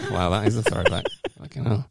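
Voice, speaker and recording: A man's voice: lowish voice, vocal fry, heavy background noise. A man co-hosting a podcast, playful and sweary in casual banter from a small studio. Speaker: podcast co-host. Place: small stuffy home studio.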